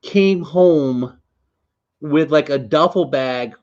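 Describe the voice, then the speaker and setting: A man co-hosts a casual podcast, speaking slowly and in a laid-back way. His voice sits a little high, and his recording sounds dull and lo-fi. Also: darkish tone, a little hiss or hum. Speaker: podcast co-host. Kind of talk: casual chat.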